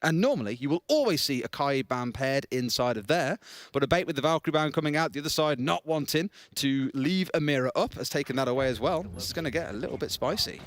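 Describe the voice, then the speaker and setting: A man casting a live esports match, chatty and excitable, with event music playing behind him. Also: a little high, fast talker, no echo. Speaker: esports caster. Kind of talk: play-by-play commentary. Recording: broadcast with loud music behind.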